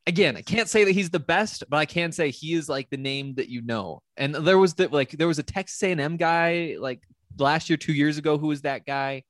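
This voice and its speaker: A man in a casual sports podcast chat, talking in a loose, hesitant way full of fillers. His voice sits a bit higher than most men's and is recorded close with no room sound. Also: fairly quick, no echo. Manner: chatty, hesitant, filler-heavy. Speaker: podcast co-host.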